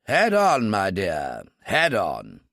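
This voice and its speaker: A gruff elderly British brigadier, clipped and wry, his speech swinging lively up and down, as a male narrator reads him. Close and dry, with no room sound. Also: sits low, takes it slowly, dry recording, full character voice.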